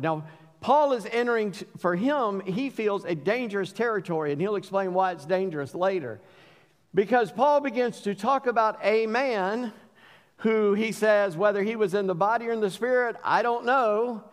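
A middle-aged man preaching a sermon in a folksy storytelling manner, rising higher as he quotes scripture. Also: moderate pace. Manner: folksy storytelling preacher, rises in pitch when quoting. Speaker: pastor. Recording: reverberant church hall.

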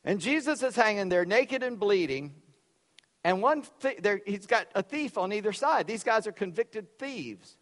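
A man preaching a sermon, loud and emphatic, dropping suddenly to quiet for effect. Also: high-pitched, expressive, normal speed, in a large hall. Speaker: pastor.

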